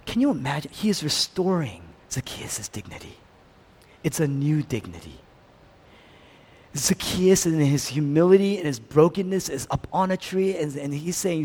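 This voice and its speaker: A man preaching a sermon, emphatic and repetitive, swinging between hushed and loud passages. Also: sits high, very animated, normal speed, slightly rough, big-room sound. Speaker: pastor.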